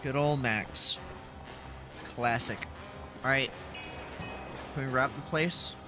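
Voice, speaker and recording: Slow-talking blunt male streamer. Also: mid-range voice, music in the background. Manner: blunt, crude asides. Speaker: streamer playing the game. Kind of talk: casual gameplay commentary.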